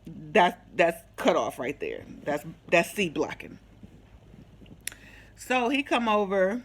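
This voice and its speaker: A woman's voice: fairly low pitch, takes it slowly, slight background noise. A woman vlogging about something that happened to her, talking in loose, slangy everyday speech. She tells it animatedly and slips into the other people's lines as she recounts the conversation. It is casual, straight-to-camera storytelling. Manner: animated, slangy, acts out the quoted dialogue. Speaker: vlogger sharing a personal testimony.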